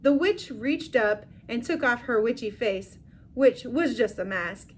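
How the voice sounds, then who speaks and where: A woman reading a children's book aloud with expressive storytelling. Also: a little high, unhurried. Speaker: reader.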